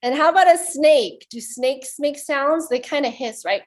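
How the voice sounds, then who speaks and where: A woman's voice: sits high, normal speed. A woman leading a children's storytime, reading aloud and playfully making animal sounds with the kids. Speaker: children's librarian.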